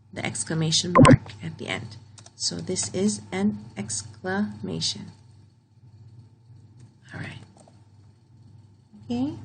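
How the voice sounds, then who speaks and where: A woman teaching a grammar lesson to young pupils, speaking slowly and patiently and repeating key phrases. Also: lowish voice, a little hiss or hum, poor audio. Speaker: primary school teacher.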